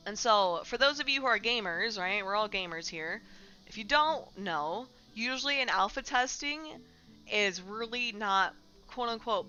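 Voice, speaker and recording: A woman's voice: mid-range voice, expressive, measured pace, sharp tone, clear, resonant tone. A young woman streaming casually to her chat, ranting with lots of swearing and mocking gamers in silly put-on voices. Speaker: streamer discussing game news. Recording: slightly dull lo-fi stream audio with faint music.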